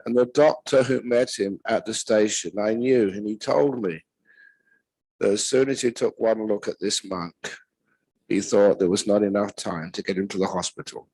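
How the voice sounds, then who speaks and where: A man, a Buddhist monk teacher, giving a retreat talk with gentle, unhurried storytelling and pauses. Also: on the low side, steady tone, breathy edge, no room sound, low-quality recording.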